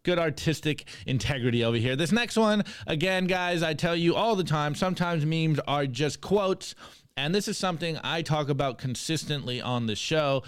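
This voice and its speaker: Guy hosting a podcast, hyped up reading memes, smooth voice, kinda high. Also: moderate pace, no echo, clean studio sound. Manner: energetic, hype, reads memes aloud. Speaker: podcast host. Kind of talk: meme review segment on a podcast.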